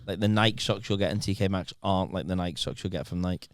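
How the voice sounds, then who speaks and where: A man's voice: deep voice, fast talker, clear, resonant tone, no echo. A man co-hosting a podcast, talking in casual, laughing, crude banter. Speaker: podcast co-host. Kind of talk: casual chat.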